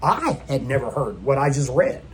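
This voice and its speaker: A man's voice: medium pitch, huge pitch swings, normal speed, slight background noise. A man preaching a sermon in a church, emphatic and full of rhetorical questions put to the congregation. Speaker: pastor.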